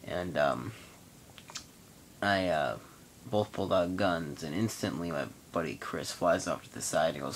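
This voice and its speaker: A young man in his late teens with a notably deep, low voice hosts his own vlog. He tells a personal story in a loose, rambling way, stating things matter-of-factly and stopping now and then to find his words. A faint rumble sits under the recording. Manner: rambling, matter-of-fact retelling with pauses. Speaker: vlog host. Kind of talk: casual monologue storytelling.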